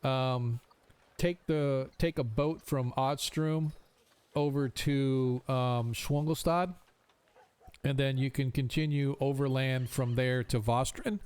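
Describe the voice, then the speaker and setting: A man's voice: mid-range voice, steady tone, slow, a little mellow, clean tone. A man acting as game master for a tabletop game, thinking aloud with many ums as he explains the rules.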